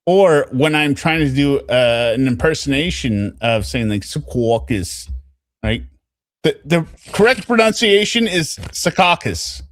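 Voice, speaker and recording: A man's voice: fairly high pitch, lively intonation, measured pace, dry recording, clean studio sound. A man from the US West Coast hosting a stream, arguing playfully and laughing. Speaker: stream host. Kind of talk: casual chat on a stream.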